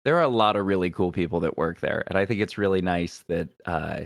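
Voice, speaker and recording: A young adult man, a comedian guest, telling stories in a casual interview, lively and quick to laugh. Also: low-pitched, vocal fry, no echo, clean studio sound. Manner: animated, laughs often, acts out quoted people.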